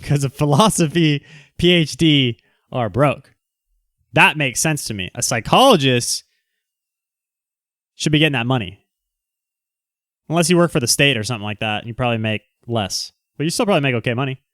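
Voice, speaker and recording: A man's voice: mid-range voice, lively intonation, brisk, pauses often, a bit bright, no room sound, clean studio sound. A man hosting a casual livestream, reading the chat aloud and answering in a brash, teasing, joking way. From Southern California.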